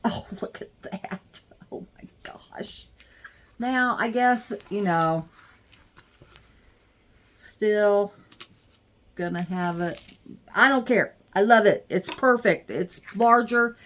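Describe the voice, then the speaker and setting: A middle-aged woman vlogging an unboxing at home, gushing and chatting excitedly with her viewers. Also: fairly high pitch, slow pace, long pauses. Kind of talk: casual unboxing vlog.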